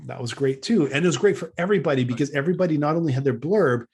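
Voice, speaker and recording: A man's voice: fairly high pitch, rapid-fire, a little mellow, slightly rough. A man co-hosting a casual business podcast, rambling with many restarts and dry laughs. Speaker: podcast co-host.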